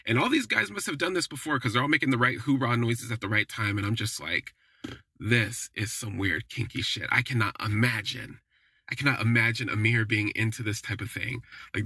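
A man with a low, husky, forceful voice tells a story in a chatty, wry way and leans on casual fillers. The sound is dry and close, with no room around it. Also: dry recording. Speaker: podcast host. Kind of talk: casual first-person storytelling.

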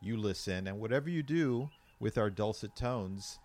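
Wry low-voiced podcast co-host man. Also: normal speed. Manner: wry, deadpan quips, laughs along. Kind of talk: casual comedic banter.

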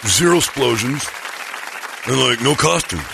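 A man's voice: medium pitch, lively intonation, unhurried, creaky, crowd noise, noisy background. A man hosting a podcast, telling rambling comedic stories with frequent laughs and asides. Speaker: podcast host. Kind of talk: casual comedic storytelling.

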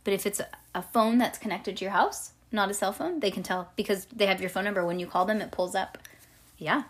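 A woman reading a children's storybook aloud to a child, lively and pausing to explain things. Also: medium pitch, slightly rough.

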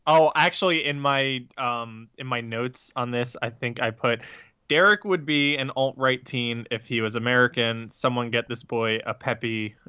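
Bright, crisp-voiced podcast co-host. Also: mid-range voice, normal speed, dry recording, muffled recording. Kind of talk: casual chat.

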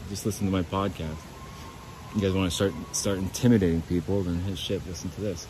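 Recording outdoors beside a creek, a podcast host delivers a rambling, self-mocking monologue loaded with swearing. His low voice is brisk, a little mellow and fairly even in intonation, on a rough recording with slight background noise.

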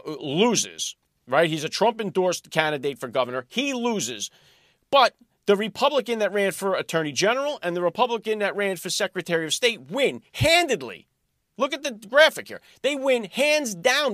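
Male show host with a high, animated voice; forceful, combative monologue delivery with repeated words. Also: no room sound, clean studio sound. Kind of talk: political commentary monologue.

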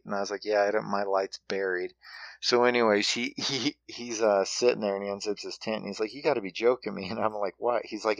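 Deep-voiced man telling a halting story. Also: fairly bright tone, dry recording, dull audio. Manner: halting, with frequent restarts and fillers. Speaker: hunting guest telling a story. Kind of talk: casual storytelling.

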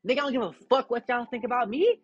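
Profane, defiant young man, husky voice. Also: very high voice, very fast, no echo, muffled recording, faint music behind. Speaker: podcast host. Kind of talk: casual rant to listeners.

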